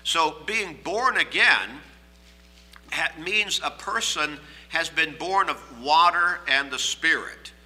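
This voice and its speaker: Guy preaching a sermon, bright clear voice a bit high, measured teaching, echo from a big hall. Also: expressive. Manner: measured teaching, reads scripture aloud with emphasis.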